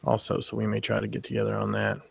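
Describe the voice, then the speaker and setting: A man's voice: on the low side, sing-song, fast talker, creaky, breathy edge, no echo. A man co-hosting a collectors' podcast, laid-back and hesitant in casual chat. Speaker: podcast co-host.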